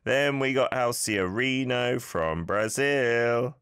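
A man's voice: medium pitch, takes it slowly, fairly bright tone, clear, resonant tone, no echo, studio quality. A male host coaching listeners' pronunciation in a radio-style language lesson, upbeat and encouraging with some playful nitpicking.

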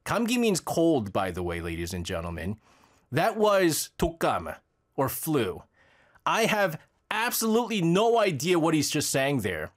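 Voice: medium pitch, huge pitch swings, moderate pace. A radio host in casual chat, teasing a co-host and laughing often.

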